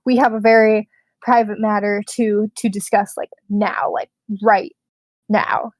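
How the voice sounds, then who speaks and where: A woman's voice: mid-range voice, flat delivery, measured pace, dry recording, close to an everyday voice. A woman game master voicing a panicked male town guard who is out of breath and urgent. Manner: urgent, insistent.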